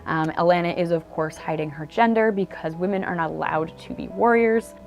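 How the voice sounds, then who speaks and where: A woman with a slightly low voice, chatting through her monthly reading on camera at home. She is enthusiastic and filler-heavy. Faint music plays underneath. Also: a little fast. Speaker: book vlogger. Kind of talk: casual book review monologue. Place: indoors at home. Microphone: camera mic.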